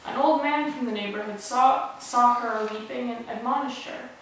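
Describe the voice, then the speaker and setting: A woman in a group reading a story aloud in a steady, expressive way. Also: fairly high pitch, moderate pace, creaky, hardly any pauses, a little hiss or hum. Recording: very echoey room, mic far off.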